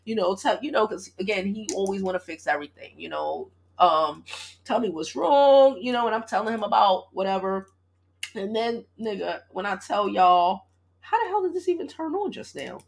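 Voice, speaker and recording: A woman, telling a story on her live stream in a casual, animated, profane way and talking straight to her viewers. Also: medium pitch, moderate pace, gravelly. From Brooklyn, New York. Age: 40s. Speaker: gossip vlogger and love coach.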